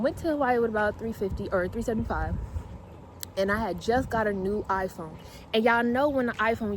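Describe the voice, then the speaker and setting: A woman's voice: mid-range voice, slight background noise. Chatty young woman telling a story. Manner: animated, chatty storytelling with slangy asides. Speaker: vlogger. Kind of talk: casual storytime vlog.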